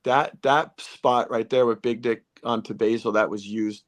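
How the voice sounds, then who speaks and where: A man's voice: medium pitch, fairly even intonation, a little slow. A man hosting a casual interview, telling stories animatedly and addressing listeners as folks. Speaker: podcast host.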